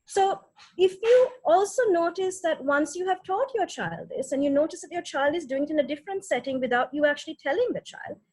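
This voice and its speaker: A woman's voice: sits high, expressive, a little fast, darkish tone, rough recording. A woman giving a practical parenting webinar talk, offering example phrases and often checking in with "right?".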